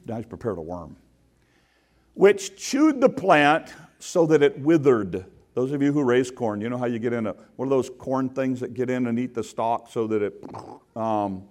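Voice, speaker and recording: Lively conversational male preacher. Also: mid-range voice, moderate pace. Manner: conversational, asks the congregation questions. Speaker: pastor. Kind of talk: sermon. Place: church sanctuary.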